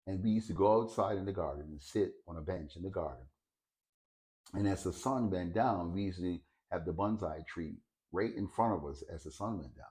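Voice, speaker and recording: Weary homeless man, halting and wistful, low voice, played by a male narrator. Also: darkish tone, close to an everyday voice. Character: angry homeless man softening into sadness.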